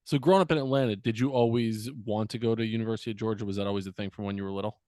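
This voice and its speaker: A man's voice: fairly low pitch, fairly even intonation, racing, warm tone, no echo, clean studio sound. A man from New Jersey hosting a podcast, talking in an upbeat, chummy and loose casual interview style. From Central New Jersey. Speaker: podcast host.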